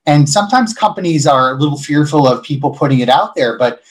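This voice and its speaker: A man from Buffalo, a hospitality leader, telling lively stories as an interview guest. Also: on the high side, fast, low-quality recording. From Buffalo, New York. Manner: animated storyteller who acts out quoted voices. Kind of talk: casual interview storytelling.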